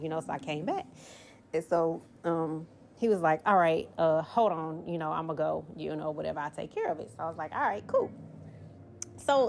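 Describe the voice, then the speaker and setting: A woman's voice: fairly low pitch, a little hiss or hum. A young woman, a podcast co-host telling a long story in a rambling way, full of ums and you-knows. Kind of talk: casual storytelling.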